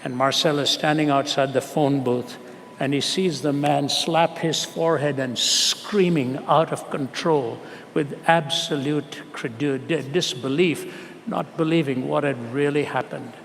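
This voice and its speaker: A man's voice: a little high, creaky, fairly bright tone. Earnest preacher man in a reverberant hall. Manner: earnest, rhetorical questions, slows down for emphasis. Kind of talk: storytelling sermon. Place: large hall with a live audience. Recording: reverberant hall, faint background noise.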